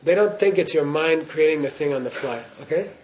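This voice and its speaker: A man's voice: fairly high pitch, a little fast, darkish tone, slight background noise. A man giving a Buddhist teaching in class, in a playful way, often checking in with his listeners. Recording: roomy hall echo.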